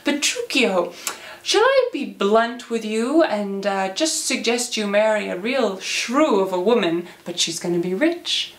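A woman plays Hortensio, a young suitor who leans in with schemes and confides his plans. The voice bounces about in pitch in a ringing room. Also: sing-song, a little slow. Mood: scheming. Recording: echoey room.

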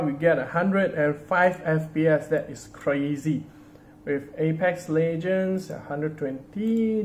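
Man, casual tech showcase, fairly high voice, faint room hum. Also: a little mellow. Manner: chatty, often starts with "so", hedges with "I assume". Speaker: tech reviewer. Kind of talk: casual product showcase narration.

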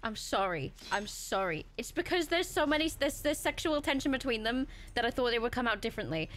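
A woman streaming a video game live, chatting and joking in an excitable, foul-mouthed way as she plays. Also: a little high, brisk, a little hiss or hum. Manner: excitable, swears and jokes at the game. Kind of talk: live gameplay commentary.

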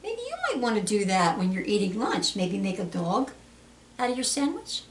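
A woman hosting a children's storytime, reading aloud in an animated, sing-song way with playful animal sounds. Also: medium pitch, moderate pace. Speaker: children's librarian. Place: public library. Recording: echoey room, mic at a distance.

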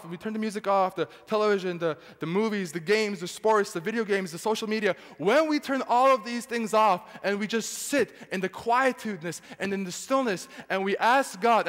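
A high-pitched, somewhat bright male voice rings through a reverberant church hall. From the sanctuary, he preaches forcefully to the congregation and keeps posing questions to them.

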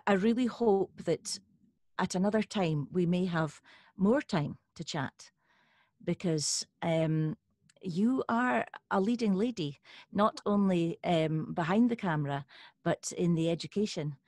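A Scottish woman hosting an interview over a call, effusive and halting, with many fillers. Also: lowish voice, a little mellow, dry recording, studio quality. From Scotland. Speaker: host.

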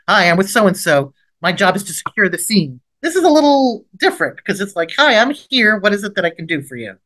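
Leading a training webinar, a middle-aged trauma expert lectures on first aid for the mind, pausing to act out short, gentle approach lines as role-played examples. Her pitch sits fairly low. The delivery is lively, shooting up sharply during those gentle approach lines.

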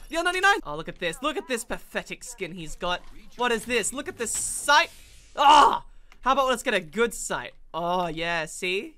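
A woman giving excited, chatty commentary on her own gameplay, with sudden yelps and laughs as the action turns. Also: medium pitch, a little hiss or hum. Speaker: gaming streamer.

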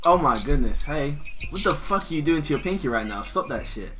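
A young man chatting with strangers on a video chat site. He talks loudly and excitably, swears a lot, and keeps bursting into shouts. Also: fairly high pitch, fairly quick, loud music behind the voice. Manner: loud, excitable and profane, breaking into shouts and laughter.

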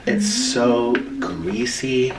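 A man hosting a cooking and eating video, chatting casually and often exclaiming with drawn-out oohs. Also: mid-range voice. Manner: animated, lots of drawn-out oohs. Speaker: mukbang host. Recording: roomy, distant mic, background noise.

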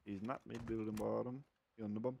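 Low, gravelly-voiced man teasing his friends. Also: level tone, brisk, noisy background. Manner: blunt, teasing. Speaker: gaming friend on voice chat. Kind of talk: casual gaming chat.

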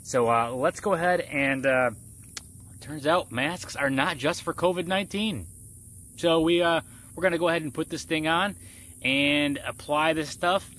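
A man chatting his way through a gardening demonstration outdoors. He explains each step in a relaxed, conversational way, often checking in with the listener. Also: a little high, moderate pace, a little hiss or hum. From Florida. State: muffled by a face mask. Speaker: gardening vlogger. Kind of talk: casual how-to vlog.

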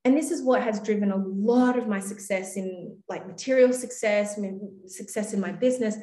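A woman's voice: medium pitch, moderate pace, dark tone, echoey room, low-quality recording. A young adult woman coaching on camera, enthusiastic and breezy, with lots of casual fillers. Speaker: business and mindset coach. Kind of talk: motivational talk to camera.

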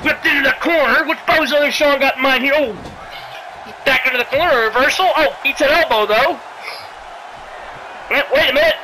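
A game commentator calling a wrestling video game play by play, excitable, sarcastic, yelling at big moves and pleading with the wrestlers. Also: high-pitched, moderate pace, pauses often, background noise. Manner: sarcastic asides and mild swearing.

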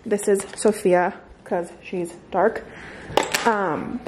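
A woman's voice: medium pitch, fairly even intonation, extremely slow, noisy background. A woman vlogging at home on a handheld camera, slightly out of breath, chatting in a rambling way with lots of fillers. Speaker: vlogger, mom of two. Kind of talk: casual vlog chat.

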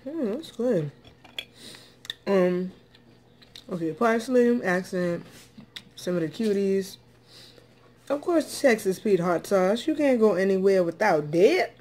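A woman's voice: mid-range voice, lively intonation, takes it slowly, pauses often, a little mellow, slight background noise. A woman chatting casually in an eating vlog, drawling and chatty with lots of ums, as dishes and cutlery clink behind her. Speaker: food vlogger. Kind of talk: casual mukbang eating chat.

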